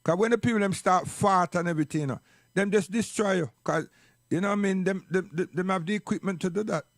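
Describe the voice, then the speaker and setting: High-voiced Jamaican man, emphatic monologue. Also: quick pace, no room sound, studio quality. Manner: preachy, emphatic, repeats "you understand?". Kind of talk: impassioned spoken monologue.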